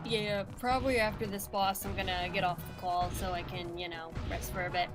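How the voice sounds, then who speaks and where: A woman's voice: mid-range voice, flat delivery, fairly quick, over music. A tired woman chatting on a call with a game streamer, laid-back and giggly. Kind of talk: casual call chat.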